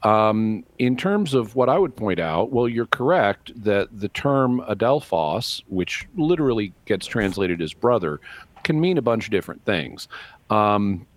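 A man on a call-in radio show, explaining answers to callers in a measured way, drawing out key words. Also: fairly low pitch, big pitch swings. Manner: explanatory, measured, drawn-out stresses. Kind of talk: live call-in radio talk.

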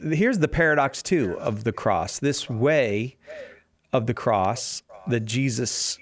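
Steady male radio host. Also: mid-range voice. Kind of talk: radio call-in hosting.

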